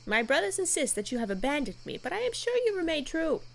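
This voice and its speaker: A woman's voice: sits high, big pitch swings, fast, creaky, pitched above the performer's own voice, heavily acted. A woman reading aloud a young woman's earnest, pleading love letter from a game. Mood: longing.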